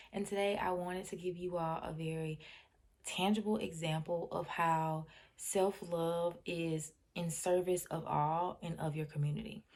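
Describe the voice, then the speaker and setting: A woman hosting her own channel, telling a story in a casual, unhurried way and dropping to a soft near-whisper when quoting herself. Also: on the low side. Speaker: channel host.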